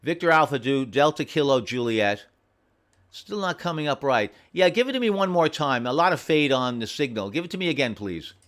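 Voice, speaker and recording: A man running an amateur radio station from home, friendly and repeating call signs slowly and carefully. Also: mid-range voice, expressive, fairly bright tone. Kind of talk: on-air radio contacts, reading call signs.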